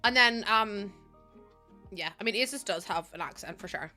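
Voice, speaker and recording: A woman's voice: medium pitch, normal speed, pushed and bright, soft background music. A young woman, chatting casually on a live stream, laughing often and answering chat from a room at home.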